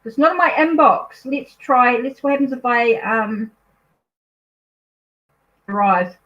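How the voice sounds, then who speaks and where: A woman's voice: a little high, expressive, slow pace, lo-fi sound. A woman with a New Zealand accent, a tarot reader chatting casually at home on a live stream, easily distracted, apologetic and thinking aloud.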